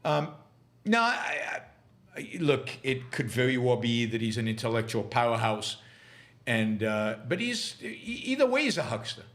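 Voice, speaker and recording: A middle-aged man hosting a livestream, answering viewer questions in a halting, argumentative way with many restarts. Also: mid-range voice, sing-song, a bit bright. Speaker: podcast host answering live questions. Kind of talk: livestream commentary and Q&A.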